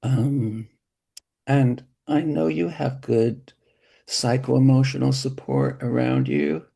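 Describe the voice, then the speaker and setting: Middle-aged man, gravelly and dark, slow and gentle, therapy demo at a symposium. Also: mid-range voice, steady tone. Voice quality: gravelly, gentle and hesitant with many restarts. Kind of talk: therapy session demonstration. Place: symposium hall, hybrid session.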